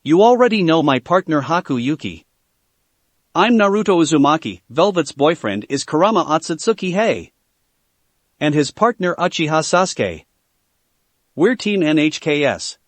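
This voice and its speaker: Guy voicing a brash cocky teen boy, loud and pouty, kinda high, dry mic. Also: very animated, normal speed, no room sound. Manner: brash, protesting. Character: brash cocky teenage boy ninja leader. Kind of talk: fan fiction reading.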